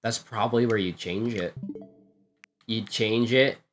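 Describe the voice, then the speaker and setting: A man's voice: fairly low pitch, unhurried, soft background music. A man streaming a game, casual and muttering, laughing at his own slips. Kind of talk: let's play commentary, reading dialogue aloud.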